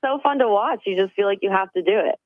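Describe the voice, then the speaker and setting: A woman's voice: mid-range voice, quick pace, no echo. Woman guest on a tinny phone line. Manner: upbeat and earnest, with many "you know" fillers. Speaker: wrestling coach, phone-in guest. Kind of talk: phone interview.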